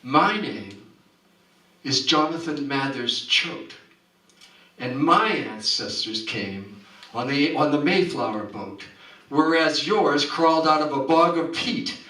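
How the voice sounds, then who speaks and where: A man putting on a shrill scolding rich snob. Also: expressive, takes it slowly, pushed and bright, full character voice. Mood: scornful. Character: haughty rich old Yankee man. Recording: roomy hall, distant mic.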